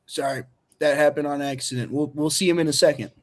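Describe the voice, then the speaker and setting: A man's voice: a little high, steady tone, fast. Joking co-host man with a raised voice. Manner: loose, joking, swears casually. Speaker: podcast co-host, runs the soundboard. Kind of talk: casual podcast chat.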